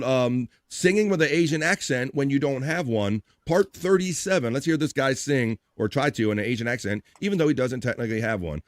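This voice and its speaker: A man's voice: medium pitch, no echo. A man hosting a live talk stream, chatty and joking, plugging memberships between segments. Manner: chatty, jokey, plugs memberships. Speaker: livestream host. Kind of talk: casual radio-style talk.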